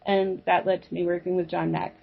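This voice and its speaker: A woman guest telling a personal story in a rambling, animated way, with restarts and asides. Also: fairly low pitch, brisk, creaky, slightly rough. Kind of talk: personal storytelling on a talk show. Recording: dull lo-fi audio.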